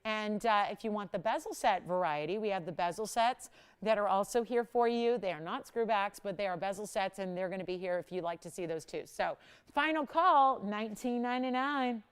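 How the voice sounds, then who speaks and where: A woman hosting a live jewelry shopping show, giving a chatty, enthusiastic sales pitch and greeting callers by name. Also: brisk, smooth. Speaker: shopping channel host.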